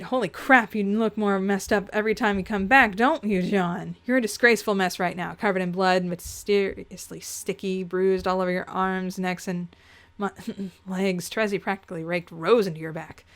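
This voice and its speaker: A woman's voice: medium pitch, fairly even intonation, moderate pace. A woman reading a story aloud, theatrical and sarcastic, with asides to the listener. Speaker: reader reacting to fan fiction.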